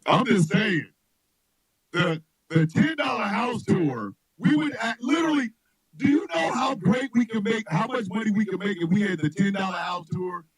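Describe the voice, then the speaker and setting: A man who is a comedian and radio host, joking loudly in animated casual chat, often shouting and laughing. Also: high-pitched, normal speed, breathy edge, poor audio.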